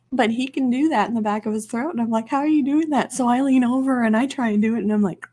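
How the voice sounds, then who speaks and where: A woman's voice: on the high side, fairly even intonation, quick pace, mellow. Giggly woman chatting on a live stream. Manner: chatty and rambling, laughs often. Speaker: ASMR live-stream host. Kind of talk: casual live-stream chat.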